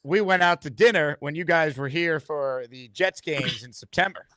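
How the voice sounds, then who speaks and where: A man's voice: a little high, normal speed, sharp tone, dry recording. Upbeat host man, dry close sound. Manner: upbeat, laughs often, introduces callers. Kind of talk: livestream talk show hosting.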